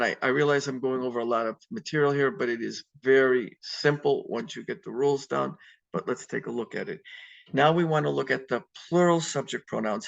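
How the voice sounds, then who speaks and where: Guy with a gravelly voice walking students thru spanish verbs, muffled zoom audio. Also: medium pitch. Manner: patient, step-by-step explaining with many ums. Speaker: Spanish teacher. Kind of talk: online class lecture. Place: home at computer on video call. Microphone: video call mic. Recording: dull lo-fi video call audio.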